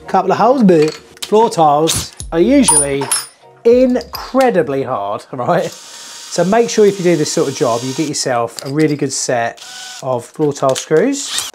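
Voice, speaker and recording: A plumber with a fairly high, slightly mellow voice presents a casual how-to while on the job in a customer's bathroom. He's chatty and makes joking asides to the camera, with music playing beneath his voice.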